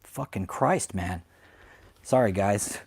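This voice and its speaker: A man's voice: on the low side, slow, a little mellow, breathy edge. Profane, angry American man ranting. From United States. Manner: profane, confrontational, repetitive. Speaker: host of a channel exposing cult leaders. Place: home, with dogs barking nearby.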